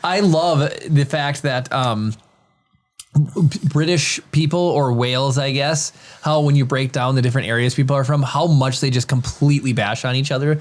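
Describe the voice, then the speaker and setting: A man co-hosts a podcast in casual conversation, animated and laughing often. His pitch is medium and his pace moderate.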